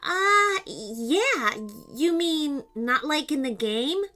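A woman's voice: sits high, lively intonation, extremely slow, pushed and bright, soft background music, pitched above the performer's own voice, full character voice. A woman voicing an earnest young boy who plays video games with his little brother. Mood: eager.

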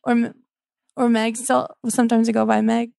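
Creaky-voiced comedic podcast hostess. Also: female voice, on the high side, little pitch movement, moderate pace, a little mellow, dry recording, studio quality. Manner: scattered, earnest, breaks into off-key singing. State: teary. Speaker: podcast host. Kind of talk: comedic improvised podcast bit.

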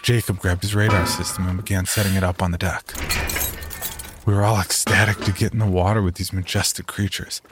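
A man narrating a horror story in the first person, in a calm, measured way. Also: sits low, noisy background.

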